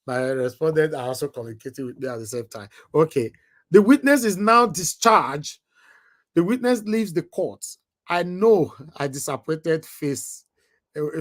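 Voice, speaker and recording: Nigerian accent, live commentary, emotional, mixes English and Pidgin. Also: mid-range voice. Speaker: online commentator relaying a court hearing.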